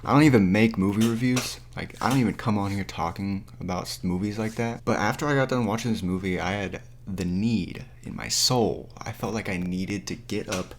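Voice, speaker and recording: A young man vents into his camera with a casual, foul-mouthed, exasperated energy. His voice sits on the low side, and he talks with animated disbelief. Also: normal speed, few pauses, a little hiss or hum. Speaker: vlogger. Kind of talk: casual movie review rant. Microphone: camera mic.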